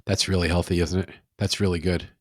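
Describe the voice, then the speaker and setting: A middle-aged man speaking as a podcast guest, reflective and measured, often restarting his sentences. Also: sits low, flat delivery, dry recording, clean studio sound. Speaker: guest, sales author. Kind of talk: casual conversational interview.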